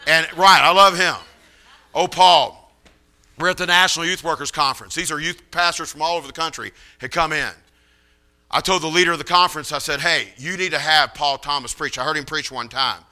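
A male preacher tells stories from the pulpit in an animated, folksy way. His voice is high and very bright. It rings smooth and clear. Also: fairly quick. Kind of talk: storytelling sermon.

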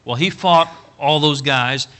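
A middle-aged man preaching a storytelling sermon, folksy and animated, rising to loud emphatic bursts. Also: a little high, measured pace. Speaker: pastor.

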